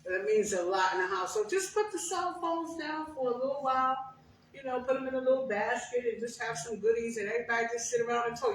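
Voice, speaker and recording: An older woman speaks as a guest, sharing her personal testimony conversationally and stressing points as she tells stories. She sounds on the high side and talks quickly. Distant from the mic in a very echoey room, the audio carries a little hiss or hum.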